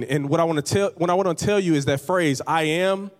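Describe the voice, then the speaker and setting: Male pastor, slightly high voice, conversational sermon with repetition, reverberant sanctuary. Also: a little fast. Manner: conversational preaching with repeated phrases and humor. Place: church hall. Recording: long reverb of a large hall.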